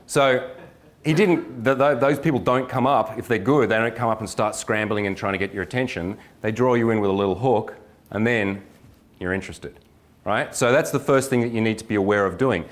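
A middle-aged man, a dating coach, giving a lively workshop lecture with jokes and acted-out examples. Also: medium pitch, brisk. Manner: energetic, joking, acts out examples.

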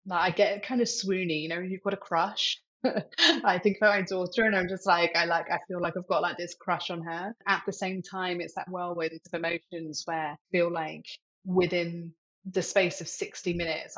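A woman's voice: fairly low pitch, a bit bright, highs cut off. A woman in her thirties, a tech executive, answering interview questions openly and reflectively, with many fillers like "like".

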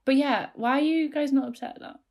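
A young woman chatting casually on a podcast, emotional and excitable, rambling with lots of fillers. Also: high voice, quick pace.

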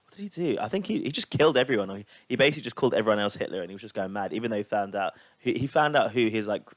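A man in casual chat, animated and teasing, swearing freely as he reacts to his friend. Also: fairly low pitch, very fast, dry recording.

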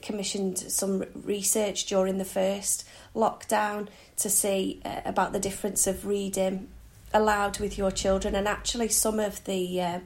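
A woman's voice: mid-range voice, flat delivery, unhurried. A woman guest on a podcast interview who talks hesitantly, with many fillers and tag questions. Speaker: podcast guest, reading charity founder. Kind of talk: conversational interview.

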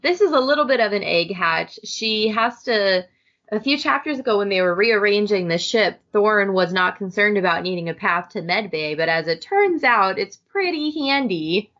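A woman's voice: medium pitch, expressive, normal speed, a bit bright. Woman podcast co-host, chatty book talk, reads excerpts aloud; dull lo-fi sound. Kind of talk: casual book discussion. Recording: dull lo-fi audio.

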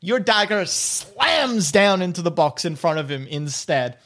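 A man's voice: sits high, very animated, a little slow, a bit bright. A man running a tabletop game as game master, narrating loosely with fillers and giggles.

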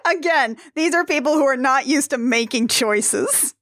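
A woman's voice: high-pitched, normal speed, fairly bright tone, no echo, clean studio sound. A woman in casual chat, recapping a musical, laughing often and acting out the characters' lines.

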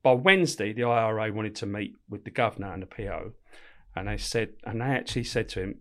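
A man's voice: on the low side, fast talker. Middle-aged man telling blunt prison stories. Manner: swearing, laughing, acts out voices. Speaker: former prison officer, guest. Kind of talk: casual anecdotal storytelling.

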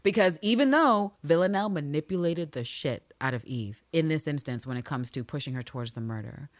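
A woman's voice: low voice, brisk, dry recording, clean studio sound. A woman co-hosting a casual podcast, talking animatedly and swearing freely as she breaks down a TV episode. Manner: animated, profane, acts out characters' lines in voices. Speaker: podcast co-host recapping a TV finale. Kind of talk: casual chat.

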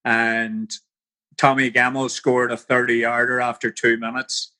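A man's voice: medium pitch, little pitch movement, unhurried, bright, forceful tone. An older man with a Northern Irish accent, telling stories as an interview guest, rambling and full of "you know". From Northern Ireland. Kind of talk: casual storytelling.

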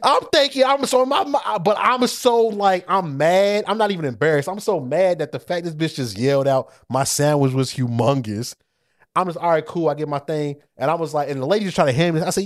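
A man co-hosting a podcast, telling a story in casual chat, animated and profane, often laughing as he goes. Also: on the high side, a little fast, dry recording, clean studio sound. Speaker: podcast co-host.

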